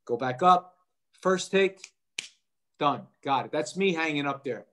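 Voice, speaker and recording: Animated man telling a story. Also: on the high side, measured pace, a little hiss or hum. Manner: animated, acts out quoted voices. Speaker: actor guest. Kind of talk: casual interview storytelling.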